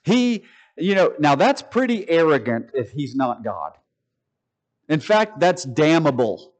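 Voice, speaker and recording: A man preaching a sermon to a live congregation, calling them folks and stressing key words with long pauses. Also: fairly high pitch, big pitch swings. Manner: addresses listeners as folks.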